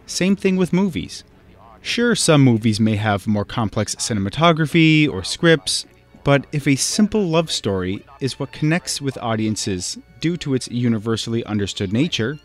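A man reads a scripted video essay in a mid-pitched voice. He keeps a measured, explanatory pace and talks straight to the viewer.

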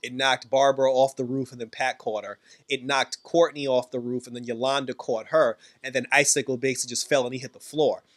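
A man casually recapping a TV episode in a rambling, animated way, breaking into laughs as he retells scenes. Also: medium pitch, fairly quick, hardly any pauses. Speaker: show reviewer.

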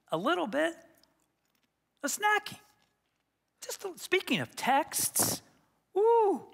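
A man's voice: extremely high pitch, sharp tone, big-room sound. A man preaching a sermon as pastor, talking conversationally and acting out quoted asides. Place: church sanctuary.

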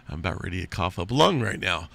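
A hoarse man with a lingering cough, hosting a casual spoken weather update in a loose, folksy way and calling viewers folks. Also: low voice, a bit bright. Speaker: host of an earthquake and weather update channel.

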